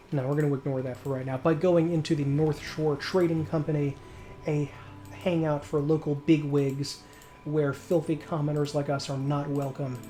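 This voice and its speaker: A man's voice: a little high, mellow, slight background noise. A man casually commenting on his gameplay in a chatty, rambling way, often correcting himself. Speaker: let's play host.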